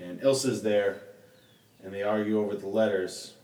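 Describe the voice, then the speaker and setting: A man with a lowish voice rambles through a movie recap in laid-back, slangy chat. He sits back from the microphone in a roomy space. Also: normal speed, darkish tone. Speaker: podcast co-host. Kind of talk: casual chat recapping a film. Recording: roomy and distant from the mic.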